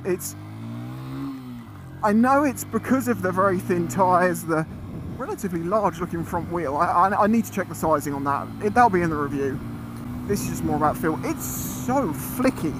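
High-voiced excitable motorcycle vlogger. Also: male voice, moderate pace. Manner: chatty, excitable, exclaiming as he rides. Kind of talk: casual ride commentary. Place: outdoors on a moving motorcycle. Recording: loud wind and engine noise.

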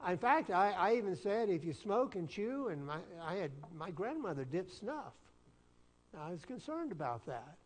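A pastor with a Southern US accent, preaching an earnest, folksy sermon and telling personal stories with self-deprecating humor. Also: male voice, high voice, sing-song, moderate pace. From Southern United States. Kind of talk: storytelling sermon. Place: church sanctuary. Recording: long church-hall reverb.

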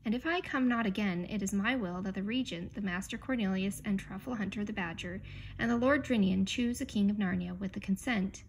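A woman reading a children's novel aloud at a measured pace, with small slips and restarts. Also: mid-range voice, a little hiss or hum, low-quality recording. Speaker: reader.

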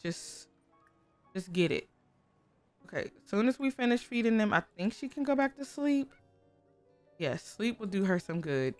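A woman giving casual, chatty commentary while playing a life-sim game, often talking to the characters on screen. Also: mid-range voice. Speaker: gaming creator. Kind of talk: casual let's-play commentary.

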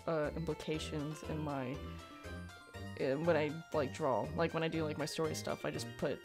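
A young woman giving casual, rambling commentary over a speed paint, giggling often and poking fun at her own work. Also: fairly low pitch. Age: young adult. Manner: giggly, rambling, self-deprecating. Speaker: digital artist.

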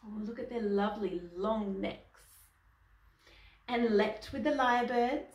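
Slow woman reading a picture book. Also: fairly high pitch. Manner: asks the young listener questions. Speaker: storyteller. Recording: echoey room, distant mic.

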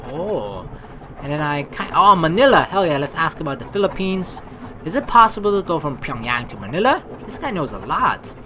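A let's-play gamer reading game text aloud and reacting excitably with commentary. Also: mid-range voice, moderate pace, a little hiss or hum. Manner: excitable, reacts with sudden outbursts.

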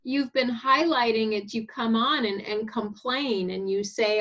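A woman leading a Bible study, telling a story in a lively way and acting out the quoted voices. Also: a little slow, few pauses. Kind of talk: casual group discussion. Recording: muffled low-fidelity audio.

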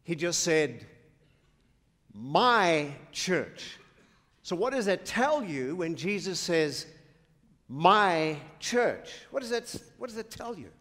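A pastor preaching a sermon, slow and emphatic, quizzing the congregation. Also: male voice, high voice, very animated. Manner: slow, emphatic preaching with call-and-response questions. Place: church sanctuary. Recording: long church hall reverb.

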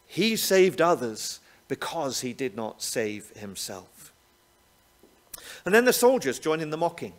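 Animated preacher, man. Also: a little high, a little slow. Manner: animated, rhetorical tag questions. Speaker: pastor. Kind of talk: sermon.

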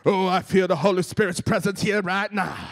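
A Malaysian-accented man mimicking a pompous male preacher praying like an American cowboy, booming and drawn out. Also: fairly even intonation, brisk. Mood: showy.

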